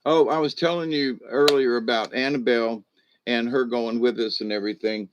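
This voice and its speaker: A man's voice: mid-range voice, steady tone, noisy background. An older man talks to his channel in a loose, rambling manner. He trips over his words and starts over often, with a mid-range voice. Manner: halting, restarts often, chuckles. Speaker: channel host. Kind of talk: casual rambling storytelling.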